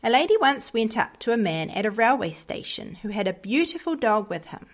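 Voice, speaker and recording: A woman teaching a devotional lesson, telling hymn history and reading moral stories in a gentle, earnest way. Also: on the high side, big pitch swings, fairly quick. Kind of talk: storytelling lesson for children.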